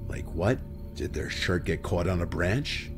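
Very deep-voiced man narrating horror. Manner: calm, measured storytelling. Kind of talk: scripted first-person narration. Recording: narration over background music.

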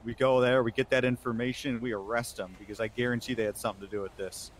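Man rambling through a pitch, faint noise. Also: little pitch movement, fast talker. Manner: pitches ideas in an eager, rambling way. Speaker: police officer in a role-play. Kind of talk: improvised role-play chat.

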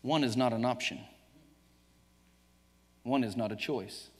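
Speaking at a measured pace with a breathy edge to his medium-pitched voice, a pastor with a Southern US accent delivers a sermon. He's emphatic, jokes with the congregation, and chuckles often. The sanctuary livestream carries long reverb.

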